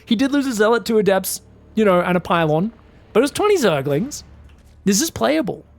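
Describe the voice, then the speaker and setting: A man giving solo commentary on a strategy game match, excitable and chatty, bursting into shouted reactions and talking straight to his viewers. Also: sits high, fairly quick, creaky. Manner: chatty asides, addresses viewers as guys. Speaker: esports caster.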